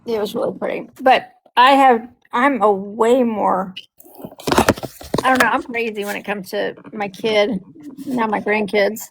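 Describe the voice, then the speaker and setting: A middle-aged grandmother chatting casually, telling lively family stories and acting out the voices of the people in them. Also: mid-range voice, measured pace, gravelly, slight background noise. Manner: animated, acts out quotes in voices, laughs often. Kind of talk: casual storytelling chat.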